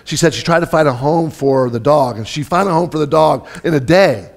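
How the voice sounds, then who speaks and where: In church, a man with a fairly high, creaky voice preaches briskly as pastor. His sermon is story-driven and conversational, full of fillers and restarts.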